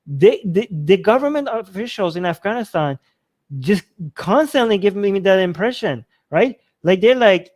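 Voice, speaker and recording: A man with a high voice hosts a show and chats casually with his live audience. He rambles and circles back to repeat his points. His voice is dry and close, with no room sound. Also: very animated, unhurried, darkish tone, no room sound. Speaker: show host.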